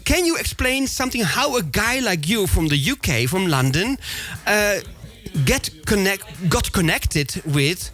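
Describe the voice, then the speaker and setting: A man hosting a casual radio interview, animated and laughing often, with halting restarts. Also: high-pitched, soft background music. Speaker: radio show host.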